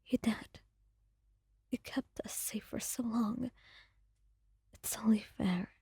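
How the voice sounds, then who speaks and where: A woman's voice: on the high side, slow, gravelly, dark tone, slightly rough, no room sound, clean studio sound, full character voice. Dying partner, a woman whispering it; faint, weak whispered role-play. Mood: fading. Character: dying gentle partner, fading and tender.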